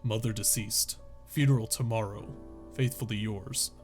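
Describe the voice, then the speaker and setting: A man reading in a lowered, deadpan voice as a detached narrator, in short clipped sentences. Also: normal speed, soft background music, natural voice. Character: flat detached male narrator, deadpan and weary.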